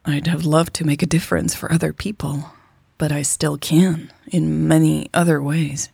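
A woman voicing a thoughtful young woman in sales, speaking in a low, measured way. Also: flat delivery, vocal fry, mellow, breathy edge, no echo, studio quality, heavily acted. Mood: reflective.

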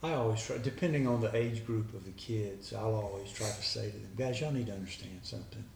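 A man's voice: lowish voice, fairly quick, creaky, darkish tone, recorded from a distance, a little hiss or hum. A man, a guest earnestly retelling a conversation line by line. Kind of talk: personal storytelling. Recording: echoey room with faint background ambience.

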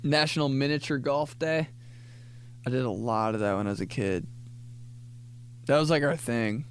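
In his late twenties, this male podcast host rambles through a loose comedic monologue full of fillers and false starts. He speaks at normal speed with a medium pitch, and a little hiss or hum is audible.

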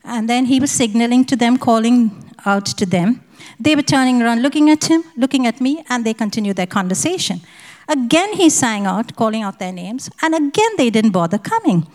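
A woman's voice: on the high side, expressive, brisk, darkish tone, big-room sound, rough recording. A woman from India, giving a spoken personal testimony at a prayer conference and acting out the dialogue as she tells it. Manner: vivid storytelling, acting out the dialogue.

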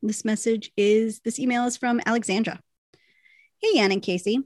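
A woman's voice: a little high, steady tone, normal speed, a little mellow, dry recording, clean studio sound. A British woman co-hosting a casual podcast, reading listener emails aloud and laughing often. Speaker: podcast co-host.

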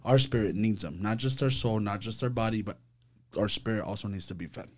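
A man's voice: fairly low pitch, fairly quick. A man leading a casual group discussion about faith, earnest and a little preachy, often repeating himself.

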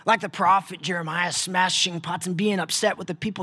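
A male preacher delivering a sermon, posing rhetorical questions with dramatic pauses and sometimes dropping to a hushed voice. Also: high-pitched, fairly even intonation, slightly rough, no echo.

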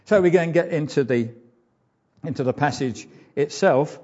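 A man delivers a sermon in an informal, conversational way, pausing often on ums and uhs. His voice sits a little high for a man. The recording is dull and lo-fi. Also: darkish tone. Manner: hesitant, frequent ums and uhs. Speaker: preacher.

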